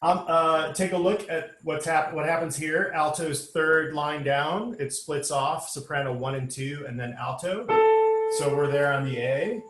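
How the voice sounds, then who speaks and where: A man's voice: on the high side, a little slow, a bit bright. A man leading a choir sectional rehearsal, talking singers through the music patiently, step by step, with many um and uh fillers. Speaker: choir director. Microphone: online rehearsal recording. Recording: echoey room with instrument music.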